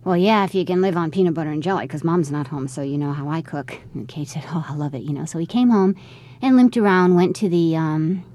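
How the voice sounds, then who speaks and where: A middle-aged woman tells a personal story in an interview. Her voice sits low and mellow, and she talks at a brisk clip, slipping into the voices of the people in her tale as she goes. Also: no room sound. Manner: conversational, re-enacts quoted dialogue. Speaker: interviewee, mother.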